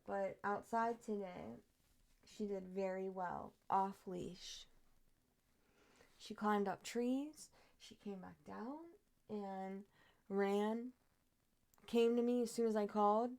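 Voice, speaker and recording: A woman's voice: mid-range voice, a little mellow. A young woman streamer chatting casually and cooing in baby talk at her cat.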